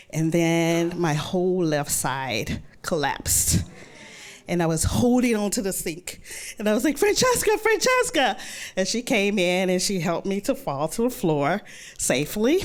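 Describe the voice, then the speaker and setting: A woman's voice: on the low side, darkish tone. A woman, telling a personal story live, acting out her own thoughts and others' words with sudden jumps in voice.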